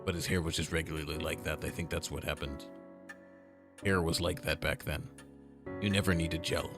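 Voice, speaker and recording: Brief: male streamer, deep voice, playful read-through of a visual novel. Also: steady tone, normal speed. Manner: jokey, playful asides. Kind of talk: reading a horror visual novel aloud. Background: game music.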